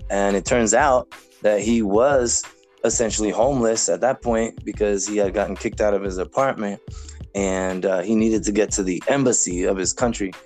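A Cuban American man with a fairly low voice tells loose, rambling stories as a podcast guest. He piles on "you know"s, restarts his sentences and chuckles often. Soft music plays faintly behind him. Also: steady tone, normal speed. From United States, Cuban American. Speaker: podcast guest, language learner. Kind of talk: casual conversational storytelling.

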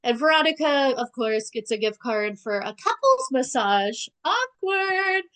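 Chatty young woman with a higher voice. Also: very animated, a little slow, fairly bright tone, low-quality recording. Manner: chatty, sarcastic, lots of "like". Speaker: podcast co-host recapping a TV episode. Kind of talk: casual chat.

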